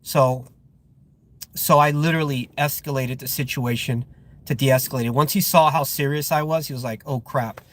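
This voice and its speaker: Man, security guard, casual live chat, rambling, irritated, lots of fillers, mid pitch. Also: steady tone, normal speed, fairly bright tone. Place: outdoors at a guarded facility.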